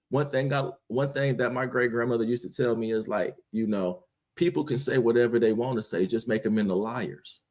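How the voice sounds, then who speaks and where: A man's voice: mid-range voice, darkish tone. A man hosting his own stream, giving an impassioned, preachy monologue full of slang and rhetorical questions. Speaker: streamer, host.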